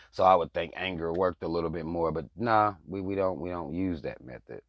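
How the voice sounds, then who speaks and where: A man's voice: deep voice, normal speed, dry recording, highs cut off. A man hosting his own channel, giving blunt, profane, heated political commentary in a casual rant. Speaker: channel host.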